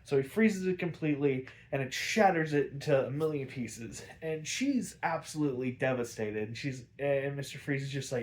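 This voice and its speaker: A man's voice: a little high, expressive, normal speed. Rambling casual man recapping a cartoon. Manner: rambling, many fillers, swears freely. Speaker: podcast host.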